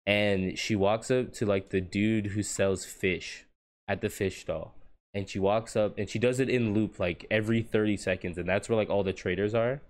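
A young man with a fairly low voice talks loosely with his friends on a podcast. He rambles from one thought to the next and breaks into laughter often. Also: steady tone, normal speed. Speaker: podcast co-host. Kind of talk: casual chat among friends.

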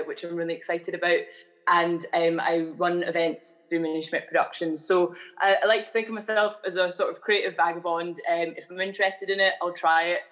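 A young woman from Glasgow with a low-pitched voice, a guest on a podcast interview. She talks loosely and chattily, with easy fillers and restarts. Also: rough recording. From Glasgow, Scotland. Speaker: guest artist.

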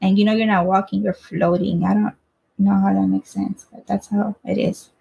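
Very husky gravelly woman telling a story. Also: medium pitch, level tone, normal speed, dark tone, muffled recording. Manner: rambling, swears casually, keeps asking "right?". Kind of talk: casual personal storytelling.

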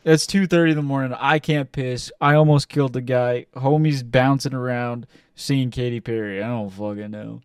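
A young man co-hosting a podcast, telling a story in casual chat, animated and profane, acting out quotes loudly. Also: mid-range voice, normal speed, few pauses, clear, resonant tone, dry recording, studio quality, recorded from a distance. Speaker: podcast co-host.

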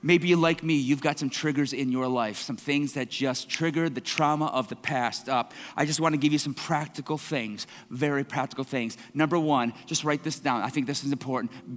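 A male pastor giving an earnest sermon, moving from soft, quiet passages to impassioned, repeated declarations. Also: medium pitch, normal speed, few pauses. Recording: church hall with long reverb, worship music behind. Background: instrumental worship music.

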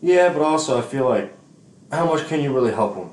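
A man's voice: mid-range voice, lively intonation, fairly quick, a little mellow. Man on a casual podcast, laughs and swears a lot, reads texts aloud, roomy echo. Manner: reads out text messages, laughs often, swears freely. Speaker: podcast co-host. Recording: echoey room.

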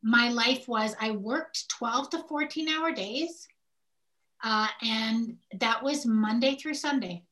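An older woman co-hosting a candid podcast conversation, telling personal stories in an animated way and acting out what people said. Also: a little high, slow pace. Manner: animated storyteller who acts out quoted speech. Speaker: podcast co-host.

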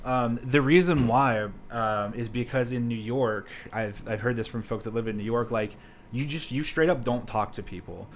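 A man's voice: mid-range voice, moderate pace, a little hiss or hum. A man co-hosting a casual podcast, laid-back and profane, retelling stories with impressions. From American South. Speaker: podcast co-host. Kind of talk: casual chat.

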